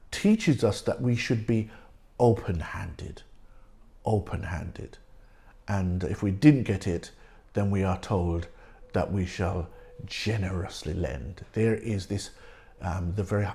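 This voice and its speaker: A man's voice: lowish voice, a little mellow. A male pastor preaching a sermon and reading scripture aloud, repeating key words for emphasis. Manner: reads scripture aloud slowly.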